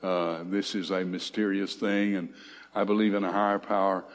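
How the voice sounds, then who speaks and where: A man preaching a sermon, reading scripture aloud with swelling emphasis and pausing on frequent fillers. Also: low voice, flat delivery. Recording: long hall reverb.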